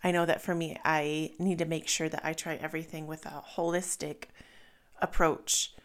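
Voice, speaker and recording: A woman's voice: deep voice, level tone, moderate pace. A woman in her thirties, a mother, talking candidly and reflectively in a personal monologue, retelling stories.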